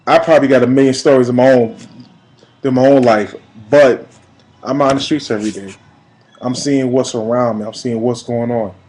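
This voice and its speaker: A man in his late thirties from New York, giving an emphatic, preachy personal video message that swings between quiet and loud. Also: mid-range voice, steady tone, brisk, poor audio. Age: 30s. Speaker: vlogger.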